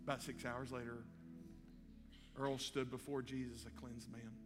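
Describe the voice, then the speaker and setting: A man's voice: mid-range voice, little pitch movement, normal speed. A male pastor, telling a story in a sermon and acting out the dialogue. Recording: live hall with long reverb and faint music.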